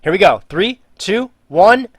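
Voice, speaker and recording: With no room sound, a man speaks briskly in an expressive mid-range voice that's a bit bright. During casual live-stream chat he reads viewer questions aloud, cracks jokes in reply, and trails off muttering while working.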